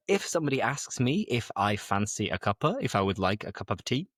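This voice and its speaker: A man's voice: on the low side, very animated, fairly quick, fairly bright tone, breathy edge, dry recording, clean studio sound. A British man hosting a podcast for English learners, talking in a chatty, playful way and explaining slang simply. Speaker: English teacher and podcast host.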